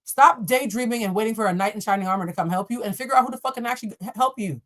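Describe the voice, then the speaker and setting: A woman reads tarot on a live stream. She is animated and blunt, and she talks straight to her viewers and swears freely. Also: on the high side, racing. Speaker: tarot reader.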